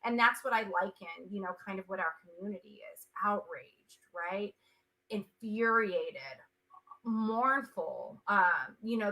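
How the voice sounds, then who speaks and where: A woman's voice: medium pitch, bright, forceful tone, a little hiss or hum, poor audio. A woman in her forties, an interview guest speaking earnestly on a video call and repeating words for emphasis. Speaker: interview guest, social entrepreneur. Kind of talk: emotional interview talk.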